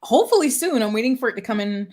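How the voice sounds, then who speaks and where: A woman's voice: on the high side, lively intonation, rapid-fire, a little mellow. A woman vlogger chatting as a podcast guest, plain and a little hesitant. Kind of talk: casual chat.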